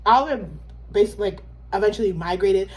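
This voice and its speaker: A young woman co-hosting a vlog, chatting casually and gushing, quick to laugh. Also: medium pitch. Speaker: vlog co-host. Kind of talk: casual chat.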